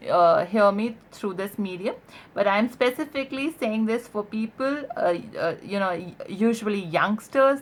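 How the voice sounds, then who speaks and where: A woman teaching pronunciation, formal and earnest, with repeated phrases and frequent restarts. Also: medium pitch. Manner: formal, earnest, addresses viewers as ladies and gentlemen. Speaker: English accent tutor. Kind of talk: spoken lesson to camera.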